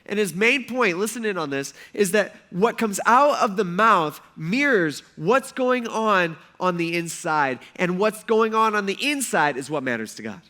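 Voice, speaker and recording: Animated preaching man, bright high voice. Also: measured pace, hardly any pauses. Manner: animated storytelling, acting out quotes. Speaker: pastor. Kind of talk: sermon.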